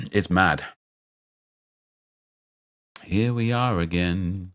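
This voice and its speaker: A man's voice: low-pitched, drawn-out words, fairly bright tone. A young man chatting casually as he streams a football game, rambling and answering his viewers' chat as he reacts to picks.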